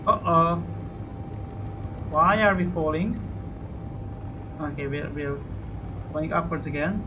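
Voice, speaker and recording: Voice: mid-range voice, slow pace, background noise. A let's-play host giving running gameplay commentary, talking to themselves and narrating each moment, with bursts of swearing and yelps. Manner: talks to self, narrates each moment, swears and yelps when things go wrong.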